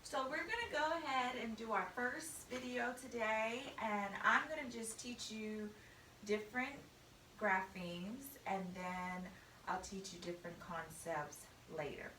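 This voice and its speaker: A woman's voice: a little high, a little slow, bright, forceful tone, echoey room, distant mic, slight background noise, rough recording. A woman teacher giving a patient spelling lesson to a student, spelling out words letter by letter.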